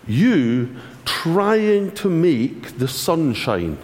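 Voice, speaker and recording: A man giving a sermon, conversational and animated, with wry asides. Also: fairly high pitch, drawn-out words, big-room sound. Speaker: preacher.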